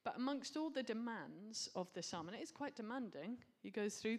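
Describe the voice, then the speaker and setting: A woman's voice: fairly high pitch, lively intonation, normal speed, hardly any pauses. A woman preaching a sermon, earnest and reflective, with casual asides.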